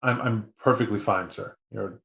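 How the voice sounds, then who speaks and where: A man playing a jittery, deferential messenger in a tabletop role-play, quiet and low. He trips over his words and answers everyone with a stiff, formal politeness. It sounds like a roomy space. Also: normal speed, vocal fry. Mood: polite. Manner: stammering, formal, keeps saying sir. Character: nervous, overly polite male messenger.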